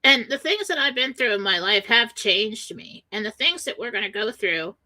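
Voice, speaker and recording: A woman's voice: on the high side, animated, moderate pace, sharp tone, poor audio. A woman hosting a spiritual radio talk show, telling a personal story with emotion and acting out the voices of the people in it.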